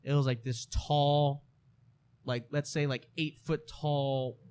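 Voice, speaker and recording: A man's voice: fairly high pitch, level tone, slow pace, a little mellow, clear, resonant tone. A man hosting a podcast, telling a spooky story in a casual chat, swearing and restarting his sentences. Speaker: podcast host.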